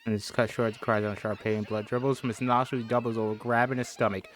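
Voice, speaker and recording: A man's voice: mid-range voice, level tone, fast talker, faint music behind. A man casually reading a horror screenplay aloud, joking and chatting between scenes. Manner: chatty, laughs, jokes and apologizes between lines. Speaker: script reader. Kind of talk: casual script reading with commentary.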